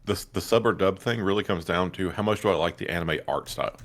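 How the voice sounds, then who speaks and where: Deep-voiced man explaining his opinion. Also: quick pace. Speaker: player. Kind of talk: casual chat between tabletop players.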